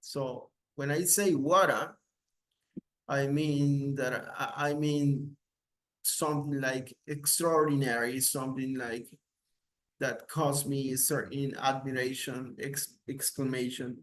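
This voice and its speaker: Slow, repetitive male teacher. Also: mid-range voice, steady tone, low-quality recording. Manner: slow, repeats each example several times, switches between English and Spanish. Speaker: English teacher. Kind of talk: bilingual grammar lesson.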